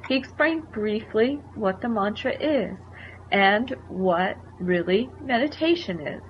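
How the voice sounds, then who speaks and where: A woman narrating a life story in a conversational way, explaining asides to the listener. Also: medium pitch. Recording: dull lo-fi recording with faint noise.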